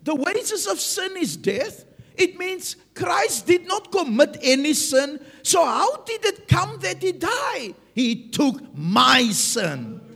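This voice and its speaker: A man's voice: very high voice, big pitch swings, takes it slowly, vocal fry, bright, forceful tone. A man preaching a sermon with emphasis, punctuating his points with "Amen". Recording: long reverb of a large hall.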